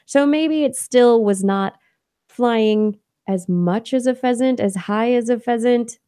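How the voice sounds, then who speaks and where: Mellow woman explaining science news. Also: on the high side, slow pace, clean tone, dry recording, studio quality. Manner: explains research details with laughs and fillers. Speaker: podcast co-host. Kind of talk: casual science news chat.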